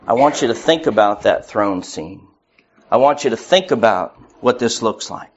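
A man preaching a sermon earnestly, acting out the voices in his quotes. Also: a little high. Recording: muffled lo-fi recording.

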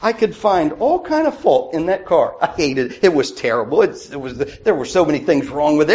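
A man preaching a sermon to his congregation, swinging between loud emphatic peaks and quiet asides. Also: fairly high pitch, very animated, brisk, few pauses, slightly rough. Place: church. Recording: dull lo-fi church recording.

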